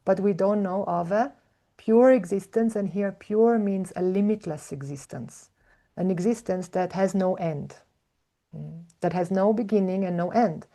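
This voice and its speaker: A woman giving a reflective spiritual talk, speaking slowly and thoughtfully with soft hums and fillers. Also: lowish voice. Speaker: spiritual teacher, podcast host.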